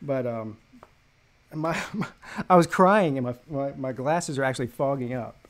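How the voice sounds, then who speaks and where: A man's voice: medium pitch, normal speed. A man hosting a casual sports talk stream, telling a story in a profane, mocking way.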